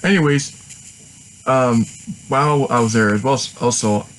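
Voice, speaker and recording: Brief man for a casual home vlog, chatty, rambling and excitable. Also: medium pitch, a little slow, rough recording. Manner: rambling and excitable, with frequent restarts and laughs. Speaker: vlogger.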